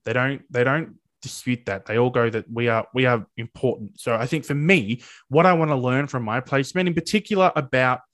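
A young man with an Australian accent talks through an interview answer in an earnest, eager way. His voice sits at an ordinary middle pitch, and he often stumbles and restarts mid-sentence as he goes. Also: brisk, few pauses, fairly bright tone. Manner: earnest and enthusiastic, with frequent restarts. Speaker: interviewee, student teacher.

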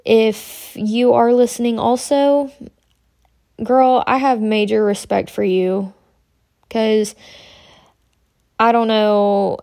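Chatty young woman with gravelly fry. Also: mid-range voice, darkish tone, no room sound, clean studio sound. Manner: chatty, rambling, candid. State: pregnant, about twenty-two weeks. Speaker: podcast host. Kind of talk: casual podcast chat.

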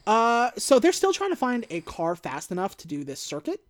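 A woman's voice: on the high side, wildly swooping pitch, normal speed. A woman co-hosting a casual podcast, recapping a movie and acting out its lines in mock voices. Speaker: podcast co-host.

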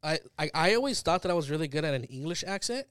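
A man's voice: a little high, lively intonation, quick pace, a bit bright, clear, resonant tone, no room sound, clean studio sound. A man in casual podcast chat, hesitant and unsure of himself, laughing easily.

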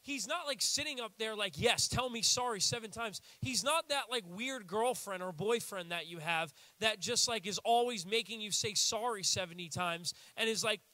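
A young American man preaching a sermon in a casual, animated way, acting out little quotes as he goes. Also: high-pitched, normal speed, few pauses, no room sound. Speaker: pastor.

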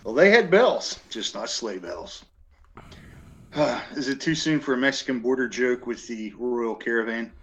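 A man's voice: medium pitch, animated, measured pace, fairly bright tone. A man co-hosting a comedy podcast, chiming in with jokey, agreeable banter. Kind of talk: casual banter.

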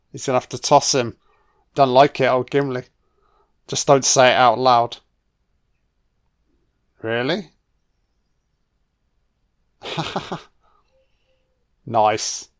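Male film commentator, laid-back and foul-mouthed, clean smooth voice. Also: medium pitch, drawn-out words, pauses often. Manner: swears freely, reacts excitedly to the action.

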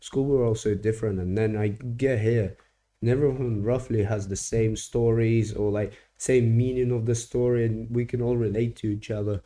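Casting: young male host from Russia, warm mellow tone, lively casual storyteller. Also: fairly low pitch, moderate pace. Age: young adult. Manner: animated storyteller, swears casually. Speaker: podcast host. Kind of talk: casual chat.

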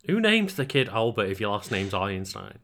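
A man's voice: fairly low pitch, sing-song, moderate pace, gravelly, fairly bright tone. A man co-hosting a podcast, chatting casually, reacting with incredulous questions and laughing along. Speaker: podcast co-host. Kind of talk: casual chat.

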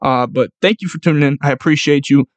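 Young male podcast host, slightly high voice, dry close sound, swears constantly, rowdy ranting energy. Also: fast talker, no echo. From New York. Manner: profane, rowdy, hyped-up ranting. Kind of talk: casual solo podcast monologue.

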